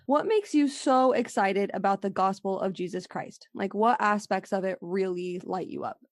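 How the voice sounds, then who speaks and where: Host: woman from Arizona, upbeat, laughs easily, mid-pitched, dry close mic. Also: normal speed, dry recording. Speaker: podcast host. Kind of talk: casual faith-based interview.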